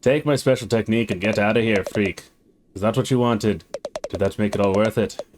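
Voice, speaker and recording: A man's voice: on the low side, a little fast, darkish tone, slight background noise, lightly acted. A man voicing a gloomy, self-pitying male crab drifter in a mock Scottish sailor accent, melodramatic. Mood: disgusted.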